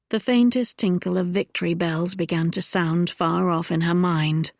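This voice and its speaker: A woman narrating an audiobook in a measured, intimate storytelling manner. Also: lowish voice, fairly even intonation, no echo, studio quality. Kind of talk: scripted narration.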